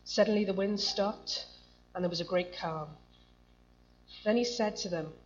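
A woman's voice: mid-range voice, unhurried, long pauses. A woman preaching a sermon to a congregation, reading scripture and asking the room questions in a conversational way. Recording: muffled lo-fi recording with faint hum.

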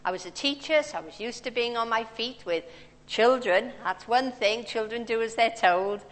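Preaching at a moderate pace in a fairly high voice, a woman tells personal stories in a conversational sermon. The recording comes from a large church hall via a handheld or stand mic and has a long church reverb.

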